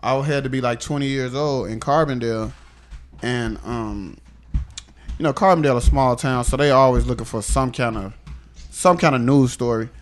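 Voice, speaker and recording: A young man co-hosting a podcast, telling stories in a casual, animated and profane way. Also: mid-range voice, moderate pace. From Chicago area. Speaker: podcast co-host. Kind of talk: casual chat.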